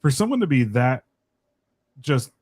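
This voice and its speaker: A man's voice: medium pitch, big pitch swings, a little mellow, no echo. Rambling man, casual chat. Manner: rambling, halting restarts.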